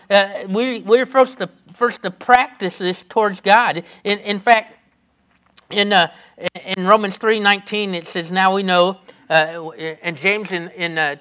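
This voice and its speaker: A man's voice: sits high, pushed and bright. A man preaching a sermon in an earnest, repetitive way, with many restarts and fillers.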